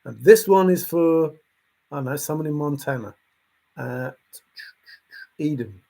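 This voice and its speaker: A man's voice: on the high side, expressive, measured pace, vocal fry, warm tone. A man vlogger giving an emphatic, repetitive casual monologue, chuckling to himself now and then.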